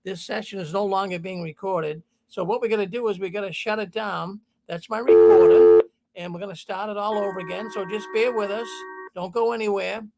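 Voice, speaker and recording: A man's voice: high-pitched, animated, brisk, creaky, very noisy. A man hosting a call-in show, rambling and repeating himself. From Boston. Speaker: host.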